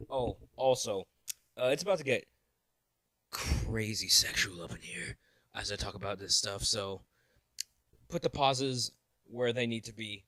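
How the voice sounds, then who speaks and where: A man telling a story casually in a vlog, animated and joking, laughing at his own asides. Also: medium pitch, no echo. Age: 20s. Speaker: vlogger.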